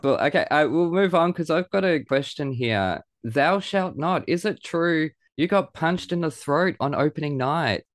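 A man's voice: on the high side, dry recording, studio quality. A man with an Australian accent hosting a casual interview podcast, joking and chatty. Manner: wordplay-packed rapid introduction, then relaxed chatty. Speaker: podcast host.

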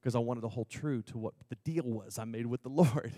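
A man preaching a testimony sermon, moving from hushed, slow moments to loud, excited storytelling. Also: mid-range voice, dry recording, clean studio sound. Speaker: pastor.

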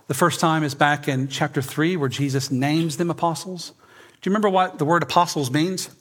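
A man preaching a sermon, emphatic, swinging between loud and soft and often repeating words. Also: a little high. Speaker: pastor.

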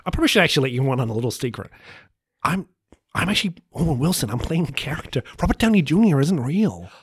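A man's voice: fairly high pitch, sing-song, quick pace, husky, dry recording, studio quality, heavily acted. A man voicing a friendly, laid-back male movie star in a put-on American drawl. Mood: chummy.

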